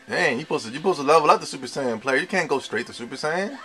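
A young man giving live gameplay commentary, trash-talking his opponents with slang and an excitable manner. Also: fairly high pitch, very fast, few pauses, soft background music. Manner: excitable trash talk with slang, shouts and laughs. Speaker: gamer playing online.

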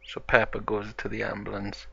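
A man's voice: lowish voice, completely flat delivery, normal speed, gravelly, fairly bright tone, breathy edge, no echo, dull audio. A man casually narrating a toy-play story in rambling run-on sentences.

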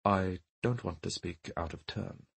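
A polite, guarded gentleman who weighs every word, his voice deep and husky, as a man puts him on. He speaks formally and slowly, choosing courtesy over bluntness, like a figure in a read-aloud mystery. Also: exaggerated voice. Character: courteous, carefully measured male mourner.

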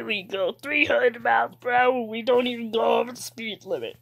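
A woman's voice: fairly high pitch, normal speed, gravelly. A woman giving playful, rambling commentary while playing a video game, breaking into giggles, squeals and cheers. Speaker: gaming video host. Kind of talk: playful live gameplay commentary.

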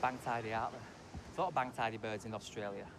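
A man with a Yorkshire accent narrating a comic travel show and playing sketches, brash and boastful in a deadpan way. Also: lowish voice, fast talker, background noise. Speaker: comic presenter.

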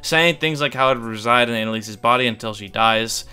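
Man, scripted video narration, wry offhand asides, bright forward tone, faint music underneath. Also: mid-range voice, fairly quick, clean tone. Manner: wry, offhand, swears for comic effect. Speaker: YouTube iceberg explainer.

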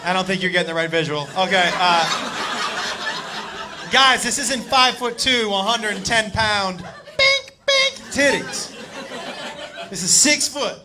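A man telling a loud, profane story as a stand-up comedian, acting out the people in it. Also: high voice, measured pace, long pauses. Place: comedy club stage with laughing audience. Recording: live club recording with crowd noise.

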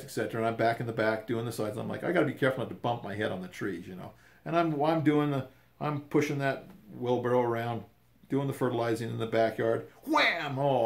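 An older man casually telling a rambling, animated story with repeated words and restarts. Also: medium pitch.

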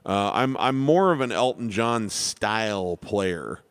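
A man's voice: fairly low pitch, animated, slow, clear, resonant tone, dry recording, studio quality. A man running a casual live piano Q&A lesson, rambling and self-deprecating, with many restarts. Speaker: piano teacher.

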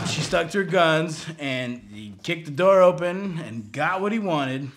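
A man's voice: fairly high pitch, lively intonation, measured pace, few pauses, fairly bright tone, slight background noise. A man doing a crude, rambling, profane comic retelling of a film. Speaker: comedian.

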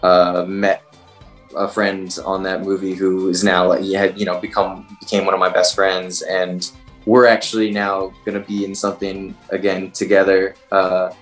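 A man's voice: sits low, monotone, moderate pace. A young man, an actor, chatting casually in an interview and rambling with lots of fillers. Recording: roomy with faint music.

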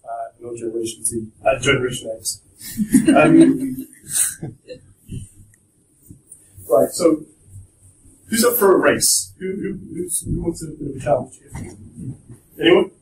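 A young man speaks as a guest at a university talk, giving a casual presentation to students in a lecture room; he sounds distant and the room echoes, with slight background noise. He's chatty and jokey with restarts, and his slightly high, somewhat mellow voice is very animated yet a little slow, pausing often.

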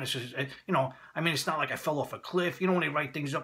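A man's voice: on the high side, rapid-fire, few pauses, pushed and bright, slightly rough. A man with a Brooklyn accent telling a rambling, folksy story to camera in a vlog, repeating himself often. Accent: Brooklyn, New York. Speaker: vlogger.

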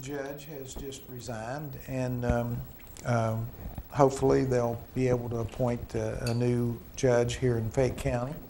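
Quiet gravelly male co-host. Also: medium pitch, level tone, a little slow, hardly any pauses, a little hiss or hum. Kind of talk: casual chat.

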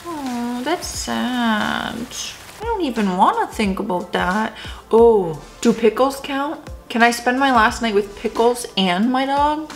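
A woman's voice: fairly high pitch, lively intonation, slow pace, faint music behind. A woman hosting a casual reaction video, sassy and playful, laughing often as she comments. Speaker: host reading and reacting to text messages.

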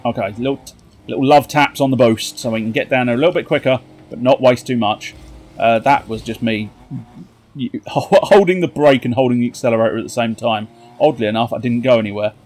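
A man with a jokey, excitable manner, commentating his own car football match and cheering on his teammates. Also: medium pitch, a little fast. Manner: excitable, cheering on teammates with shouts and silly jokes. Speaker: gaming commentator.

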